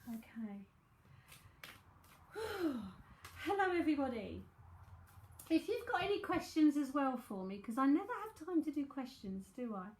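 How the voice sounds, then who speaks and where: A chatty woman in her forties with a South London accent, talking in a slightly high voice as she gives readings and answers questions. Her breezy, aside-filled talk rings out in a roomy, echoey space. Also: very animated, fairly quick, hardly any pauses, a little mellow, slight background noise. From South London, England. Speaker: psychic medium and tarot reader. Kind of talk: live-streamed psychic reading and chat. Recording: echoey room.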